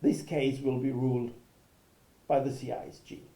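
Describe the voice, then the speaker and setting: A man's voice: medium pitch, flat delivery, normal speed, warm tone, roomy sound, poor audio. A man, a law professor giving a recorded video lecture, explaining step by step and checking in with "okay".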